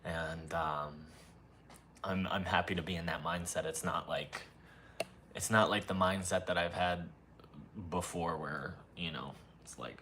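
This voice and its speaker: A young man hosting a solo podcast, talking softly and casually in a low-key, self-mocking way. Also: fairly even intonation, a little slow, a little hiss or hum. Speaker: podcast host.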